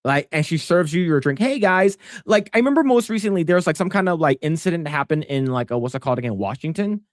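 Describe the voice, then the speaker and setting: Podcast co-host, man, rambling and stammering, animated, somewhat high pitch, dry close sound. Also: fast, no room sound. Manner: rambling, many restarts and stammers; animated, swings up in pitch when pressing a point. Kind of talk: casual chat.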